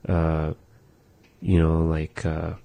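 A man teaching words of his language in a casual lesson, saying them slowly and repeating them. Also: very deep voice, monotone, gravelly, dark tone.

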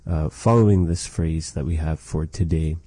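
A man's voice: rumbling low, normal speed, warm tone, dry recording. A man teaching a language lesson, patiently explaining phrases and repeating words.

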